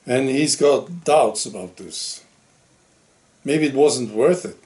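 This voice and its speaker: Slow, halting man. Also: medium pitch, lively intonation, a little mellow. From Sweden. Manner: slow, halting, restarts often. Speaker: commentary channel host. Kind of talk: casual monologue commentary.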